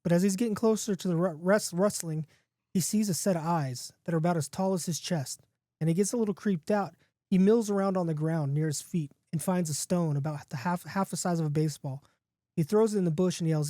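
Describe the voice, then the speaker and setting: A man with a mellow, warm voice reads his homemade spooky story aloud in a podcast, chatty and playful. He is recorded close on a dry mic with no room sound. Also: on the high side, a little fast, dry recording. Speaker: podcast host. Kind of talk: casually reading his own spooky story.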